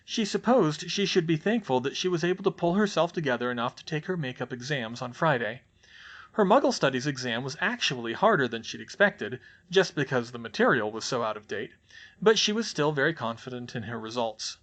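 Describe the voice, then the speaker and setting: A man reading a fan fiction audiobook in a steady, plain storytelling manner. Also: medium pitch, brisk. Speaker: audiobook reader.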